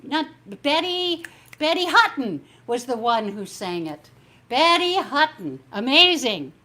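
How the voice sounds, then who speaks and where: A woman's voice: high-pitched, sing-song, takes it slowly, pushed and bright. A woman singer hosting her own concert, chatting casually and a little meanderingly between songs, thanking viewers as she goes. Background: piano music.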